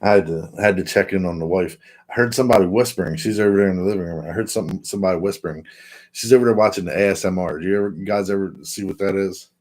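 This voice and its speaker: A man's voice: sits low, rapid-fire, darkish tone. A man hosting a casual livestream from home, reading viewer comments aloud and chatting in a laid-back, rambling way. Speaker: livestream host. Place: at home, indoors.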